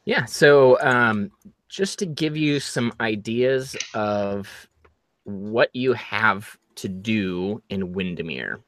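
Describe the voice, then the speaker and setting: A man narrating as game master for a tabletop game, laying out options in a slow, halting way with many fillers. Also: on the low side, a bit bright, a little hiss or hum.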